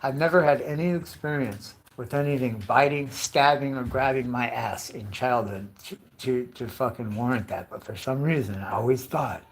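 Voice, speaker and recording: A man's voice: medium pitch, normal speed. Profane, rambling fifty-year-old man. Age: 50s. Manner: profane, chatty, full of rhetorical questions; calls listeners dude and bro. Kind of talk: rambling comic monologue.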